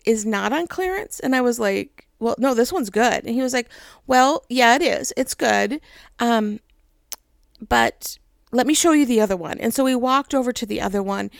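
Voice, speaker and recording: Chatty woman with a gravelly edge. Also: a little high, dry recording, studio quality. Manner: chatty, laughing, animated quoted voices. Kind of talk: casual storytelling.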